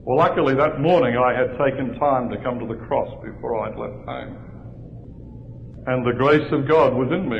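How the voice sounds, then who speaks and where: A male pastor telling a humorous personal story during a sermon, in a lively storytelling manner. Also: medium pitch, moderate pace, gravelly, a little hiss or hum. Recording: dull lo-fi recording in a large reverberant hall.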